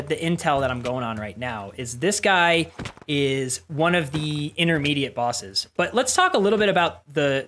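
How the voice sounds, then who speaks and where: An adult streamer giving rambling, excitable live commentary while playing game boss fights, with sudden yelps. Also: mid-range voice, slight background noise. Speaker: streamer playing community-made game bosses.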